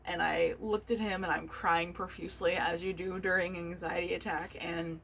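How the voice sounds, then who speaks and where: A woman's voice: on the low side, fairly even intonation, normal speed, creaky, fairly bright tone, slight background noise, low-quality recording. A young adult woman hosting a solo podcast, talking candidly and emotionally, swearing freely and restarting her sentences. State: choked up, tearful. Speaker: podcast host. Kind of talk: personal solo podcast talk.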